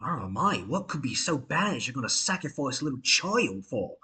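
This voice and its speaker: A man's voice: medium pitch, very animated, moderate pace, sharp tone. A man voicing an angry, alarmed female noble who scolds indignantly.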